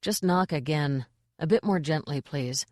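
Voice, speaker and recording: A woman voicing a gentle, polite male king who was once a jester. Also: low-pitched, measured pace, no echo, studio quality. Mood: fretful. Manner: soft, polite, fretful.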